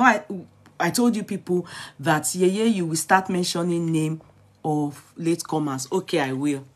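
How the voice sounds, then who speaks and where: A woman with a Nigerian accent hosting a live stream. She greets viewers by name, chats freely and laughs often as she goes over the news. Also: on the low side. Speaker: vlog host.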